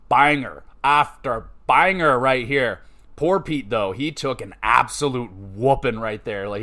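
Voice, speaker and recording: A man's voice: a little high, a bit bright. A man hosting a podcast, recapping wrestling matches in a casual, chatty way with offhand asides and scores. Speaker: podcast host.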